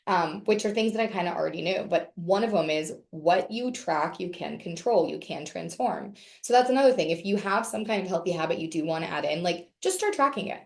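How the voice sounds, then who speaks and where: A woman's voice: fairly low pitch, lively intonation, fast, hardly any pauses, echoey room. Chatty woman leading a video call. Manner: chatty, candid, swears casually. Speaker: wellness session leader. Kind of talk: casual group talk on a video call.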